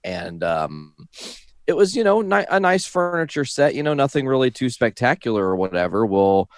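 A man's voice: mid-range voice, big pitch swings, moderate pace, no room sound, studio quality. A young man telling a rambling, profane story in casual chat, often breaking into laughter as he talks. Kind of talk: casual anecdote.

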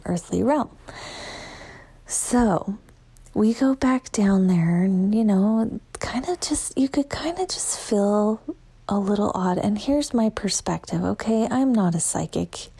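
A woman telling a personal story in a casual way. She often drops into a hushed whisper and acts out her own lines with lively quotes. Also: medium pitch, slightly rough. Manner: animated, quotes herself in a lively voice.

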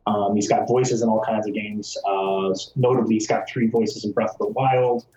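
A man's voice: lowish voice, fairly even intonation, normal speed, mellow. Casual podcast guest, man from Michigan, rambling storyteller, roomy and muffled recording. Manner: storytelling with many fillers. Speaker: speedrunner guest. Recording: echoey, dull sound with faint music.

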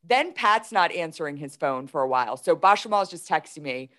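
Woman, forties, interview guest, casual storytelling, lively retelling, slightly low voice. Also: a little fast. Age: 40s. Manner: animated, retells events with quoted dialogue.

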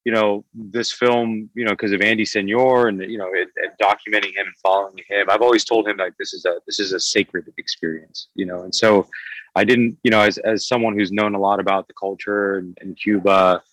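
Low voiced guy, documentary maker rambling w lots of "you know"s, dry close sound. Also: steady tone, fairly quick, a bit bright, no room sound, poor audio. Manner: rambling, many fillers and restarts. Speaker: documentary filmmaker, guest. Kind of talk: casual interview talk.

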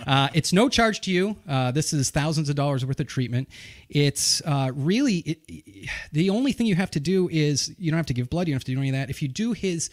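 A podcast host with a New England accent runs casually through announcements from a studio. His voice is on the high side, expressive and fairly quick, and he rambles loosely, jokes, and corrects himself as he goes.

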